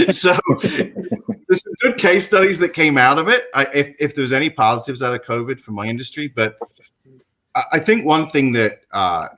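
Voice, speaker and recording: This middle-aged Englishman has a London accent and a mid-range, slightly bright voice, captured on a low-quality recording. He's a guest in a casual chat, telling his story in a rambling way full of fillers and restarts.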